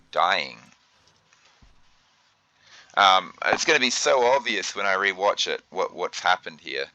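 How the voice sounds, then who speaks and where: Flustered deep-voiced man narrating gameplay. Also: sharp tone, dull audio. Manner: flustered, thinks aloud with many fillers and restarts. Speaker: gaming video host. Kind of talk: let's play commentary.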